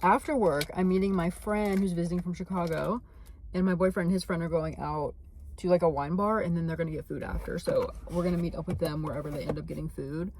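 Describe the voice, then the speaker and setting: A woman's voice: lowish voice, steady tone, quick pace, darkish tone, slight background noise. Bubbly, gushing young woman vlogging. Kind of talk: casual vlog chat to camera. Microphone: phone camera.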